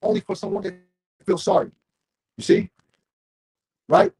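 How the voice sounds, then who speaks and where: A man's voice: huge pitch swings, creaky, a little mellow, breathy edge, dry recording, low-quality recording. A man street preaching, reading scripture aloud and calling out to listeners with constant "right?" and "you see?". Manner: reads scripture slowly with big pitch leaps.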